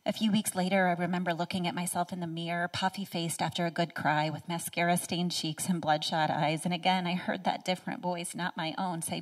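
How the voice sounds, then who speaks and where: A woman in her thirties giving a prepared personal speech as a featured speaker at a live event, earnest and heartfelt, sometimes dropping to a soft near-whisper. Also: fairly low pitch, flat delivery, fairly quick, few pauses, far from the mic. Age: 30s. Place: event stage.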